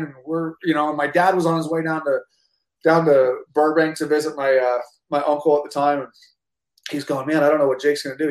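Fast-talking man in an echoey room. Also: on the high side. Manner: animated, profane, full of restarts. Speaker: guest actor. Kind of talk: casual storytelling chat.

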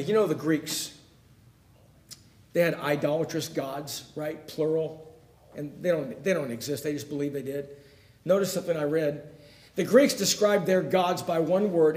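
A man with a fairly high voice preaches a sermon in an echoey church room. He drops to a near-hush, then swells into fervent, emphatic passages. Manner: swings from hushed to emphatic. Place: church sanctuary.

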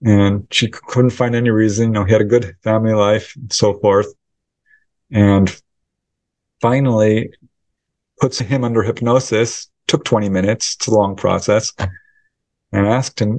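A man, a researcher and author, answering interview questions as a lively storyteller who acts out the voices of people in his account. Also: on the low side, moderate pace, pauses often, no room sound. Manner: animated storyteller acting out quoted dialogue. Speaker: UFO researcher and author, guest.

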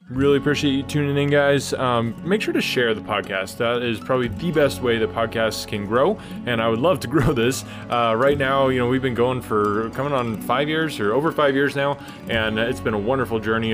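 A man's voice: mid-range voice, a bit bright. A man hosting an audiobook podcast, signing off in an upbeat, chatty way. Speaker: podcast host. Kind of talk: casual podcast sign-off.

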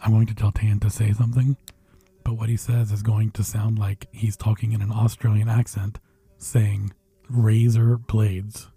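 A man's voice: fairly low pitch, flat delivery, brisk, dark tone, breathy edge. A middle-aged man hosting and editing a casual family podcast, chatting with enthusiasm. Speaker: podcast host and editor.

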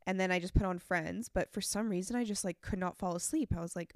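Congested young woman, gravelly chat. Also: on the low side, fast, darkish tone, no echo, clean studio sound. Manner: chatty, rambling storytelling. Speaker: podcast co-host. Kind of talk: casual chat.

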